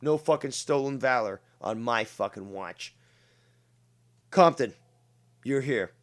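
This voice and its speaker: A man hosting a heated livestream talk show, loud and profane, swinging between shouting and low muttering. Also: takes it slowly. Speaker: show host.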